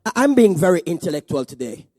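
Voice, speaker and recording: A man preaching a sermon as pastor at a church service, animated and joking. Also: fairly high pitch, fast talker, no echo.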